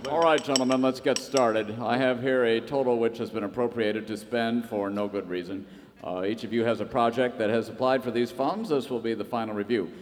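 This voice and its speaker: A man playing a brisk, impatient committee chairman. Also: mid-range voice, steady tone, slight background noise, natural voice. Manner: hurried, businesslike, wants everyone brief. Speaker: radio actor. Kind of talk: live comedy radio play. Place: stage of a live theater. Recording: live theater reverb.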